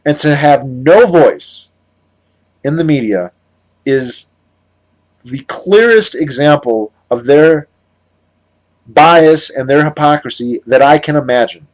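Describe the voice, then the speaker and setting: A man's voice: on the high side, lively intonation, takes it slowly, pauses often. Heated American man ranting to camera. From United States. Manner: heated, sarcastic, rambling with restarts. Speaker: political commentator. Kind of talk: ranting monologue vlog.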